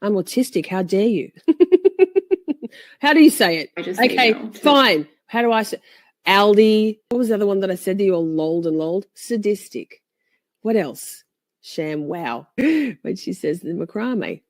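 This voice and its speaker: A woman's voice: mid-range voice, expressive, normal speed, no room sound, studio quality. A woman hosting a casual livestream, chatting with playful mock outrage and frequent laughter. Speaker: livestream host.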